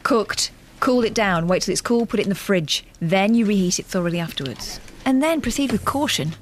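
A woman's voice: medium pitch, lively intonation, fairly quick, a little hiss or hum. Chatty woman co-hosting radio. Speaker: radio co-host. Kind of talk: casual radio chat, reading listener messages.

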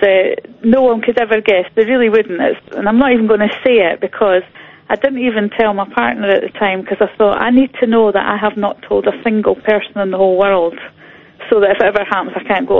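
A Scottish woman on a tinny phone line, with a gravelly edge to her voice and a dry, close sound. She chats and laughs easily as she tells her story to a radio host. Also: medium pitch, steady tone, a little fast, no room sound. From Scotland. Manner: chatty, warm storyteller who laughs easily. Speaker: caller.

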